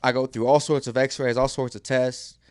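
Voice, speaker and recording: A man's voice: medium pitch, level tone, normal speed, a little mellow, a little hiss or hum. A man casually telling a story on a podcast, laid-back, using slang and laughing often. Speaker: podcast guest.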